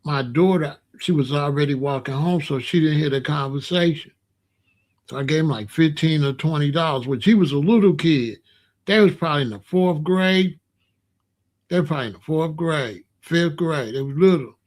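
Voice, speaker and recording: A man telling a casual personal story in a loose, streetwise way, sometimes dropping into low murmurs. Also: moderate pace, darkish tone. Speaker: storyteller host.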